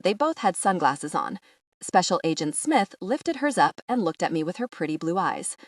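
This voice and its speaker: A woman's voice: fairly low pitch, sing-song, moderate pace, no echo, studio quality. A woman narrating a first-person audiobook in a wry, conversational storytelling manner.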